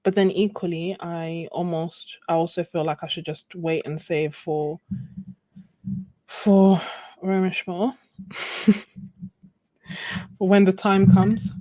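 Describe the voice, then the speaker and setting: A young woman with a lowish voice talks casually to her viewers while she paints, answering their comments and laughing often. The sound is dry and close, with no room around it. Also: steady tone, slow, long pauses, mellow, dry recording. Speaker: live-stream art host. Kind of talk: casual chat while painting on a live stream.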